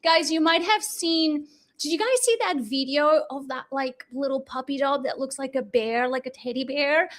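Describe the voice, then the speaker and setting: Bubbly high-voiced woman live-streaming from home. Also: normal speed, hardly any pauses. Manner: bubbly, chatty, swears casually, talks to viewers. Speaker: host of a live online class. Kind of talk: casual live-stream chat. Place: home, in Dubai. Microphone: desk mic, sometimes moving away from it.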